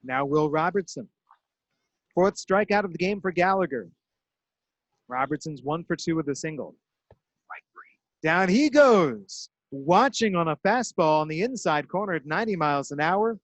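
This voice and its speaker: A man calling baseball play-by-play in a crisp, measured style that leans into each out. His voice sits a little high, close and dry on a broadcast mic. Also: dry recording. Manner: crisp, measured delivery with dramatic emphasis on outs.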